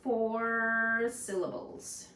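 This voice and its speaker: A woman's voice: on the high side, little pitch movement, extremely slow, bright, forceful tone, recorded from a distance. A woman teaching first graders, reading a lesson aloud and patiently sounding out hard words. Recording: echoey room, voice off-mic.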